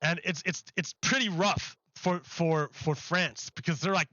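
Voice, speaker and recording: Man, high bright voice, rambling political streamer, dry and slightly dull mic. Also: measured pace, hardly any pauses, dry recording. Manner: rambling, repeats words, mocking put-on quotes. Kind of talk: live-streamed political commentary.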